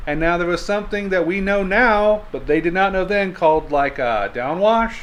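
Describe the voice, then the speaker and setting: A man's voice: high-pitched, lively intonation, normal speed, fairly bright tone. A man hosting a podcast, telling stories in casual chat, joking and laughing often. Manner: storytelling, jokey, laughs often. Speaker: podcast host.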